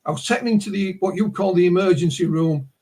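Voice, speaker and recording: Speaking quickly in a high, slightly mellow voice, this Yorkshire-born man is a guest on a video call. He chats casually and tells stories in a meandering way, often starting over.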